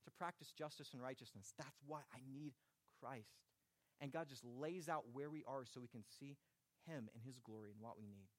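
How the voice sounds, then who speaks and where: Male pastor, mid pitch, dry close sound, urgent sermon delivery. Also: moderate pace, dry recording. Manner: urgent preaching, dropping soft then rising to emphatic.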